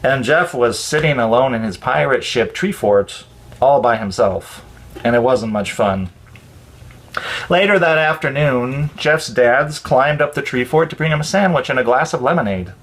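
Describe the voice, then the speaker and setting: A man calmly and expressively reading a children's story aloud as storyteller. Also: medium pitch, moderate pace. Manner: calm, expressive read-aloud.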